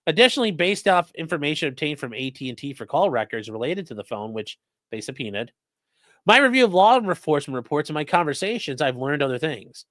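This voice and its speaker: A man's voice: a little high, sing-song, fast talker, fairly bright tone, no room sound. A man hosting a true crime livestream, reading court papers aloud with sarcastic, profane asides. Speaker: host.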